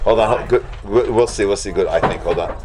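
A man teaching a Talmud class to students, animated, acting out shocked exclamations and talking casually with many fillers. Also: lowish voice, a little fast, a crowd in the background.

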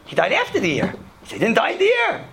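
Man, rabbi, casual Torah lesson, animated storyteller, high voice, gravelly fry. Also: fast talker, background noise. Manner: animated storyteller, laughing, Hebrew and Yiddish terms. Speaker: rabbi teaching students.

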